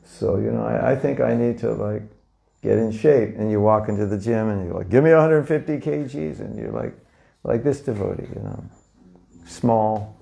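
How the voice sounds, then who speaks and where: A man's voice: fairly low pitch, moderate pace, creaky, warm tone. A man teaching a live audience in a conversational way, often asking them questions and acting out little scenes. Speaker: spiritual teacher. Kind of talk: informal lecture to a live audience.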